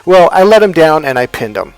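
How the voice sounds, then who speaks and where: Animated, swearing motivational man. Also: fairly quick, clean tone, no room sound, soft background music. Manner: swings from fired-up to low and hushed, swears freely. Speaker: motivational speaker. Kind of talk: storytelling monologue.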